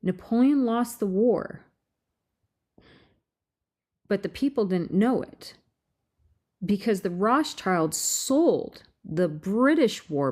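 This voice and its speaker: A woman giving a casual talk to a group, reading aloud and breaking off into animated rhetorical asides. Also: medium pitch, takes it slowly, pauses often. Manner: animated, rhetorical questions, frequent restarts. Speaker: presenter at a meeting.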